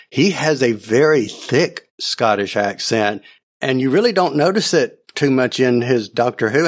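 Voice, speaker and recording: A man hosting a podcast, chatting in a friendly, upbeat way. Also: medium pitch. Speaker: podcast host. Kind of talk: casual podcast chat.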